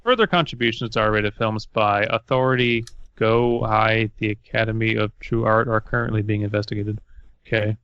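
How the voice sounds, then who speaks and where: Deadpan man on a dull podcast mic. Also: on the low side, normal speed, smooth, no room sound. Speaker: podcast co-host. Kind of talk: casual podcast chat and reading. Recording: slightly dull mic sound.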